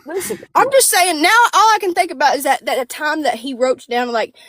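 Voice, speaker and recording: A woman's voice: sits high, big pitch swings, a little fast, a bit bright. A woman co-hosting a casual commentary chat, ranting profanely and animatedly.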